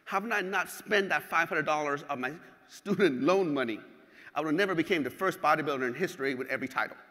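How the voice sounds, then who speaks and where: Man, keynote speaker, animated storytelling, bright forceful voice, long hall reverb. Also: a little high, fast talker. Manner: animated and profane, acts out scenes. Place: large hall.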